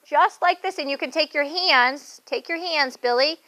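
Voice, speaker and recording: High, encouraging woman yoga teacher. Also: normal speed, sharp tone, rough recording. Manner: encouraging, playful, sing-song praise. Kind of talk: guiding a kids' yoga class.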